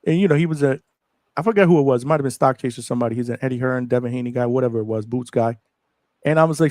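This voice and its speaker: A man hosting a live boxing stream, chatting casually in slang and giving shout-outs to viewers. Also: medium pitch, racing, no echo, clean studio sound. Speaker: host of a live boxing show.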